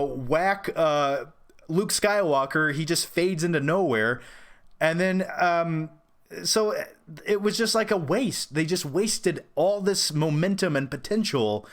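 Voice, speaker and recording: A man hosting a casual live-stream question-and-answer session about films. His voice sits somewhat high, and he rambles in an opinionated way, restarting sentences as he goes. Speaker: host of a film review channel.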